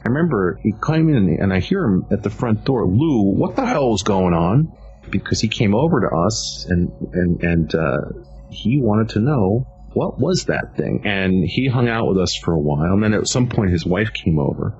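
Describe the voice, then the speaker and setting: A middle-aged man giving a vivid, animated first-hand account as a witness, often restarting his sentences. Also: fairly low pitch, moderate pace, slightly rough. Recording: dull lo-fi audio with faint music.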